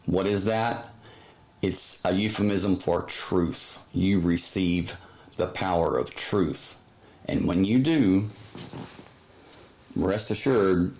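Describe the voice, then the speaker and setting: A man hosting a casual religious commentary, rambling with many fillers and sudden high-pitched exclamations. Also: darkish tone, low-quality recording. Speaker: host.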